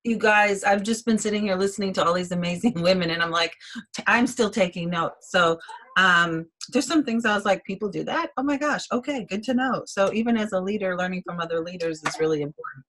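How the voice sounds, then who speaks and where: A woman's voice: lowish voice, a little fast, fairly bright tone, rough recording. A chatty, bubbly woman giving a blunt training talk as a team director on a video call. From Wisconsin, USA.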